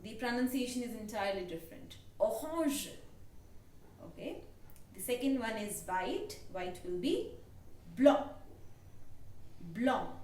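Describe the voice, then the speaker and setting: A woman with an Indian English accent, teaching a language lesson slowly and patiently and repeating each word for her learners. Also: mid-range voice. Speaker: French teacher. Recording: echoey room, voice a bit distant, faint background hiss.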